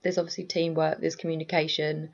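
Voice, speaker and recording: A woman's voice: low voice, flat delivery, brisk. A woman co-hosting a podcast, chatting in an easygoing way about an episode. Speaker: podcast co-host. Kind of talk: casual recap chat. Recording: dull lo-fi recording.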